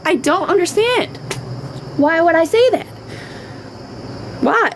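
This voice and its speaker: A woman's voice: very high voice, expressive, slow pace, background noise. A middle-aged woman ranting on a live stream, emphatic and repetitive, often swearing. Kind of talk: unscripted live-stream rant.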